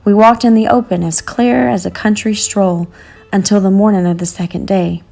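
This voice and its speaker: A woman narrating a storybook in an earnest, measured reading. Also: mid-range voice, fairly even intonation, gravelly, warm tone, soft background music.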